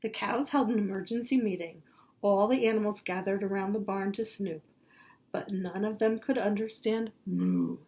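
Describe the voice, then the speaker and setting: A woman reading a picture book aloud to children in a gentle, playful way, pausing to point out the pictures. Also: medium pitch. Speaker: storybook reader for children.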